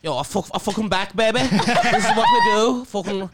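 Brief: cocky young Liverpool lad, nasal twang, raised pitch and loud boasting, as a man puts him on. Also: a little fast, very noisy, natural voice. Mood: swaggering. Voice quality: nasal twang, swaggering slang. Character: brash young male Liverpool friend, cocky. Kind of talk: impression of a friend on a podcast.

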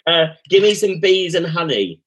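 A male podcast host, quizzing his guest in a playful, laughing way. His voice is husky and breathy, and his pitch swings about a lot. The talk is loose and easygoing. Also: big pitch swings, moderate pace, fairly bright tone. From England. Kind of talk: casual interview chat.

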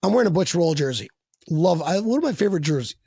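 A man with a husky, breathy voice rambles through casual stories, swearing freely and laughing along the way. He is recorded close on a dry mic with no room sound. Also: high voice, sing-song, fast, darkish tone, no echo. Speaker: guest fan. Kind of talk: casual podcast chat.

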